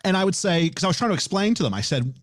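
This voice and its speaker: A man from Canada talking as a podcast guest in casual chat, explaining things quickly and restarting his sentences often. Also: high voice, no room sound, clean studio sound. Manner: fast, animated, explanatory talker with many restarts.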